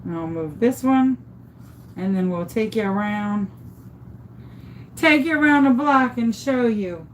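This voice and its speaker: A woman's voice: fairly high pitch, measured pace, long pauses, slight background noise, poor audio. Chatty woman gushing over her craft. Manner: chatty, thinks aloud, often gushes over the work. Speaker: crafter demonstrating epoxy tumbler making. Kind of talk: casual hands-on tutorial.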